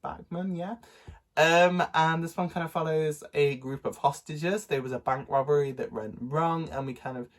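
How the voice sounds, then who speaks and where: A man with a cold, his voice nasal and stuffed up, talks through his latest book purchases. He sits a touch higher than most men, chatting loosely with frequent fillers and easy laughs. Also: fairly even intonation, normal speed. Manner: chatty, rambling with many ums and laughs. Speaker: book vlogger. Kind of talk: casual book haul vlog.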